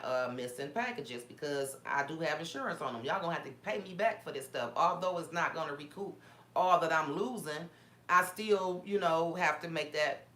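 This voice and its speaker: A woman's voice: deep voice, fairly bright tone. A woman vlogger telling a story in a casual, indignant way, with many restarts. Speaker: small business owner vlogger. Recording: roomy echo.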